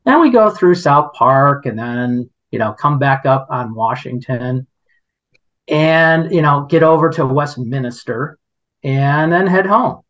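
A man hosting a podcast tells a story in an unhurried, drawn-out way. He sounds indignant and rambles, often breaking off and restarting his sentences. The recording is muffled and lo-fi. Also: medium pitch, animated, a bit bright. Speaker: podcast host. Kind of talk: casual storytelling chat.

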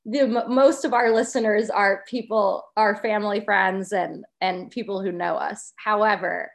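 A woman's voice: mid-range voice, fairly even intonation, normal speed, creaky. A young adult woman, a podcast co-host chatting as a guest with wry humor. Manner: wry, laughing easily. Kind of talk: casual chat.

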